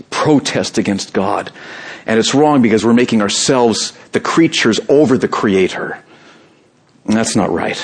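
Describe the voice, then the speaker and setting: A middle-aged pastor preaching to his church in a husky, slightly breathy voice. He talks earnestly, climbing high and emphatic on key points, then sinking quiet and low when he voices a prayer. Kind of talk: sermon.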